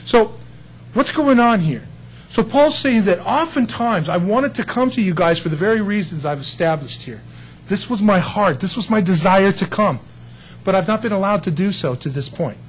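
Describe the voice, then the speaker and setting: A man's voice: high-pitched, lively intonation, normal speed, breathy edge, low-quality recording. A male pastor giving a conversational sermon, acting out quotes of the people he talks about. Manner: conversational preaching with acted-out quotes.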